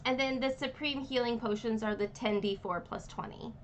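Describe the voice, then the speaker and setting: Acting as game master, a woman with a voice on the high side narrates a tabletop game and explains the rules at normal speed. She's friendly and rambling, using lots of fillers, over light background noise.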